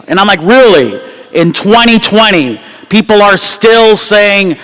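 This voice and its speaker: A man from the United States performing a loud, self-mocking stand-up comedy set at a gala banquet. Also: high-pitched, animated, moderate pace, low-quality recording. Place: gala banquet hall with live crowd.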